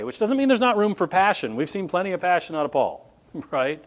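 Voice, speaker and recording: A middle-aged man preaching a sermon as pastor, telling stories with lively shifts and acting out the people he quotes. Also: high-pitched, fairly quick. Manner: animated storytelling, voices quoted speakers.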